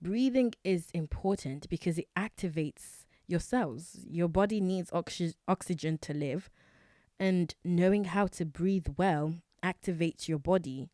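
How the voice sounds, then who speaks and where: A woman's voice: on the low side, unhurried, warm tone, no room sound, studio quality. A young woman hosting a casual solo wellness podcast, chatty and self-correcting, with many fillers. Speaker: podcast host.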